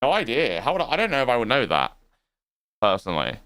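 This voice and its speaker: A man's voice: medium pitch, wildly swooping pitch, fast talker. A man co-hosting a live stream, chatting casually and hedging his opinions with restarts and qualifiers. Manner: hedging, unsure, with many restarts. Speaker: stream co-host. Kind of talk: casual drama-commentary chat.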